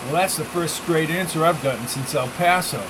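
A man's voice: a little high, brisk, background noise, pitched above the performer's own voice, natural voice. A man doing an anxious, insistent young captive woman. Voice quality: strained, insistent.

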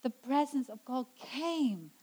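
A woman preaching a sermon, her voice sitting slightly high. She speaks with earnest conviction and slows down to stress the scripture passages. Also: animated, mellow, rough recording. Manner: earnest, slows down for emphasis when quoting scripture.

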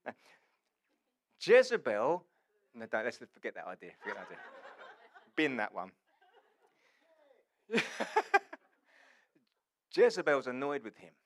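A man preaches with a fairly high voice and plenty of animation. He swings between near-shouting and hushed asides as he tells the story. His delivery carries a wry, sarcastic humour. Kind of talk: sermon.

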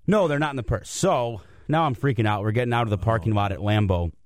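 A man on a radio sports show, telling a lively, self-mocking story about his day in casual chat. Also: lowish voice, fast, no room sound, clean studio sound. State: out of breath from cold. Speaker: guest commentator.

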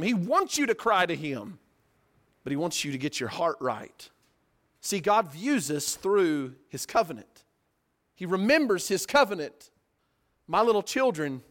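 A man preaching a sermon, earnest, building to emphatic peaks and then dropping to quiet, slow lines. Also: sits high.

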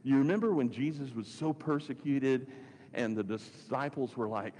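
A man giving a conversational sermon, repeating phrases for emphasis and swinging between loud and hushed delivery. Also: medium pitch, lively intonation, moderate pace. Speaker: pastor. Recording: long reverb, faint background noise.

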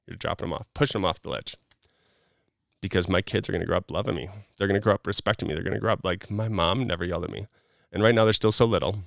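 A man with a low, gravelly voice coaches a guest in a relaxed talk, blunt and profane, slipping into quick acted-out quotes. The sound is dry and close, with no room around it. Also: no echo. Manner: blunt, coaching, swears casually, acts out quotes. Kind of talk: casual advice chat.

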